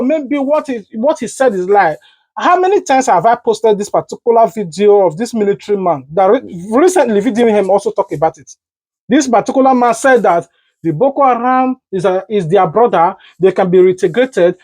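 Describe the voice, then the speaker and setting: A Nigerian man hosting a commentary vlog, delivering an indignant, animated rant. He repeats phrases and breaks into shouts. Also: high-pitched, dry recording.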